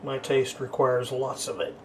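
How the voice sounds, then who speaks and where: A man's voice: mid-range voice, level tone, measured pace, slight background noise. A man narrating his own cooking in a home kitchen, dry and wry. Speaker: home cook.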